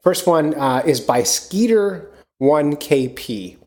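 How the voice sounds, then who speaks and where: A man's voice: on the high side, expressive, slow, a little mellow. A man hosting a casual fishing podcast, talking in a rambling way with lots of fillers and restarts. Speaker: podcast host. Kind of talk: casual chat.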